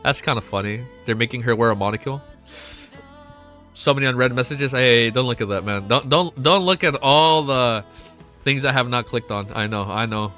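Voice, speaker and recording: A young man chatting casually on a live stream, excitable and swearing often, swinging from quiet gratitude to loud excitement. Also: medium pitch, moderate pace. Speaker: livestreamer. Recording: faint music behind.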